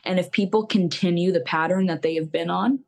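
Guesting on a relaxed podcast interview, this young singer-songwriter rambles candidly with plenty of fillers. Her fairly low voice is steady, brisk and a little mellow, touched with vocal fry.

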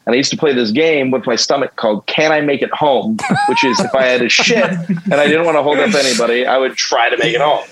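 A man's voice: mid-range voice, quick pace, a loud crowd, rough recording. A man in his twenties from Northeastern Pennsylvania, a guest on a podcast, telling a rambling, self-deprecating comic story with plenty of swearing. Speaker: band member, podcast guest.

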